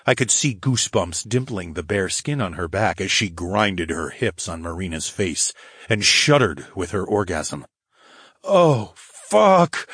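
A man narrating a fantasy audiobook in the first person, with a steady, low growling delivery. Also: breathy edge, no echo, clean studio sound.

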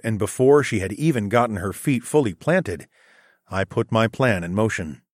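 Male first-person audiobook narrator, lowish steady voice, dry booth sound. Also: no echo.

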